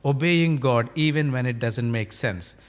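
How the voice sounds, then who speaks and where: Unhurried and medium-pitched, a male pastor with an Indian English accent preaches a sermon full of stories. He performs their dialogue in varied voices and often asks his congregation rhetorical questions.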